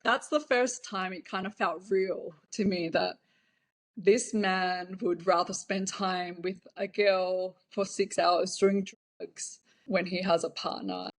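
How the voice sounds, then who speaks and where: A woman's voice: on the low side, fairly even intonation, slow. A woman guest in an interview, speaking frankly about her past work, with fillers and an occasional laugh. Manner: frank, laughs now and then, hesitant fillers. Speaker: interview guest, former cam model. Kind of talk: candid conversational storytelling.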